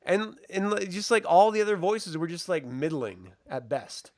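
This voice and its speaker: A man's voice: high-pitched, animated, normal speed, no echo, studio quality. A man co-hosting a podcast, laid-back and joking, laughing often. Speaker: podcast co-host. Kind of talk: casual chat.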